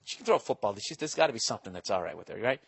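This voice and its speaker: A man's voice: fairly low pitch, big pitch swings, very fast, vocal fry, husky. A man hosting a podcast, telling a comic story in a rambling, profane, exasperated way. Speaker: podcast host. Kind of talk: comedic storytelling monologue.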